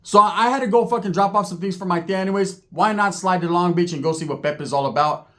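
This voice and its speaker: High-voiced streetwise storyteller. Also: male voice, fast. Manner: streetwise, slangy, animated. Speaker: comedic storyteller, channel host. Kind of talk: profane comedic storytelling.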